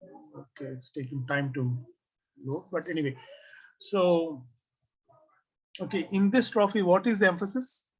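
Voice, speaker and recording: Husky teacher reviewing student work online. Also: mid-range voice, unhurried, long pauses, low-quality recording. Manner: asks the class questions and reads out student comments. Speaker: design teacher.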